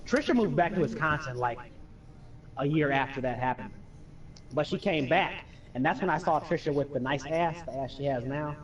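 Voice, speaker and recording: A man's voice: on the high side, moderate pace, a little hiss or hum. Profane young man telling stories, a bit distant. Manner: animated, profane, acts out quoted friends and family. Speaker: streamer telling stories while playing. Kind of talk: casual storytelling over gameplay.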